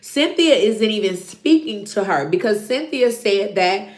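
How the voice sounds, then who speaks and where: A woman's voice: medium pitch, measured pace, roomy sound. A woman hosting a casual recap show, talking animatedly to her viewers and acting out what people said. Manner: animated, acts out quotes, talks to viewers. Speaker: show reviewer host.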